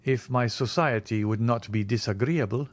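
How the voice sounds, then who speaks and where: A man voicing a polite, curious young male gentleman in an audiobook reading, speaking courteously and asking questions. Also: mid-range voice, normal speed, dry recording, lightly acted.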